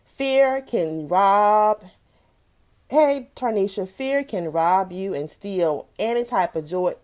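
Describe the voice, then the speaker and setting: A woman's voice: mid-range voice, animated, a little slow, warm tone. A woman in her thirties from South Carolina telling a personal story on a live stream, greeting viewers by name as she goes. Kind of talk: casual testimonial talk.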